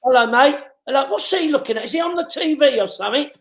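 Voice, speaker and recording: Emotional chatty host in a roomy space. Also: male voice, very high voice, expressive, fast. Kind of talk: casual live chat. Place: at home.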